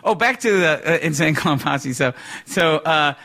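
Male comedian guest, rambling storyteller who keeps restarting, bright and slightly high. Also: animated, moderate pace. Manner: stop-start, laughs through lines. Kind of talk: rambling anecdote.

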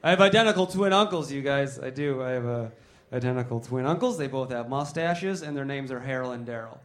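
A man's voice: mid-range voice, lively intonation, brisk. A man doing stand-up comedy, rambling, joking and talking with the crowd.

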